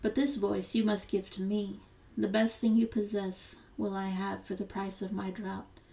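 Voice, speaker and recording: A woman's voice: mid-range voice, little pitch movement, moderate pace, gravelly, dark tone, far from the mic, close to an everyday voice, poor audio. A woman voicing a scheming old sea witch in a storybook reading, blunt and warning.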